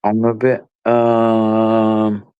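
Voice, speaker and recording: A very low-voiced man hosting a late-night live chat stream. He talks bluntly and opinionatedly, circling back over his points and swearing freely. His voice is close and dry, with no room sound. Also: monotone, drawn-out words, clean tone, no echo, phone-quality sound. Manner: opinionated, repeats himself, casual swearing.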